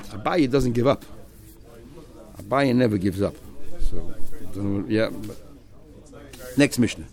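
A man's voice: on the low side, animated, unhurried, darkish tone. A man teaching a text study class, explaining step by step and acting out the speakers he quotes.

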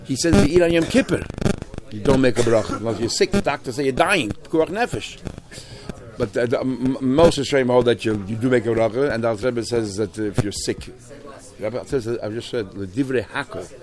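Man, Talmud teacher, quick pace, animated, Hebrew terms. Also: mid-range voice. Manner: animated explaining, loose restarts, Hebrew and Yiddish terms. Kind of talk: Talmud class lecture.

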